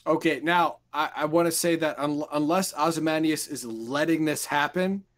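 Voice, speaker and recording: A man in casual chat, chiming in with eager agreement and quick jokes. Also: fairly high pitch, fairly bright tone. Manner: eager backchannel, quick joking interjections.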